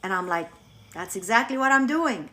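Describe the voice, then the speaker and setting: Bright, animated woman telling a story. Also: mid-range voice, moderate pace. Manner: animated, candid, swears freely. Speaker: spiritual coach hosting a live session. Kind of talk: casual live-stream storytelling. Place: at home on her couch. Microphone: phone.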